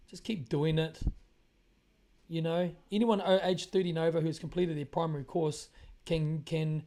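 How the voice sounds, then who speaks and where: A man's voice: fairly high pitch, warm tone. A man with a New Zealand accent hosting his own commentary broadcast, speaking emphatically and repeating phrases for effect. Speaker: independent broadcaster, show host. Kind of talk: monologue commentary on current events.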